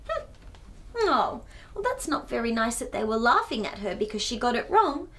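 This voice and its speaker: A woman's voice: a little high, big pitch swings, moderate pace, a bit bright. A woman reading a picture book aloud to children, adding chatty asides with gasps and giggles. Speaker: children's storyteller.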